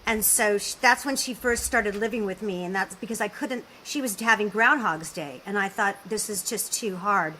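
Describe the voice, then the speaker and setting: Bright-voiced woman podcast host. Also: medium pitch, moderate pace, few pauses, a little hiss or hum, poor audio. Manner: earnest, reassuring, with frequent restarts. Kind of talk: candid conversational interview.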